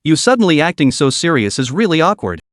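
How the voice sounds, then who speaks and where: A man's voice: fairly high pitch, sing-song, quick pace, fairly bright tone, no room sound, clean studio sound. A man reading the lines of a bossy young woman who hurries and teases her friend.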